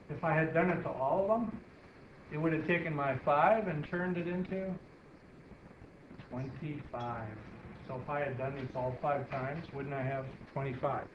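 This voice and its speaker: Male math teacher, lecturing, slightly high voice, dull lo-fi classroom audio, faint hiss. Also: echoey room. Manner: walks students through steps, asks them questions. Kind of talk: classroom lecture while drawing on the board.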